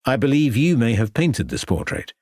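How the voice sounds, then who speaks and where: A man's voice: medium pitch, very animated, moderate pace, a little mellow, no room sound, studio quality. A man voicing a courteous, persistent Victorian police inspector who questions in a formal, polite way. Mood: probing.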